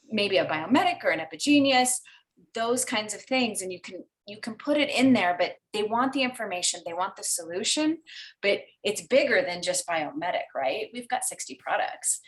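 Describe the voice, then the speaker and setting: A woman's voice: medium pitch, a bit bright, low-quality recording. A woman on a video call giving upbeat, practical business advice in a chatty way. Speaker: call participant.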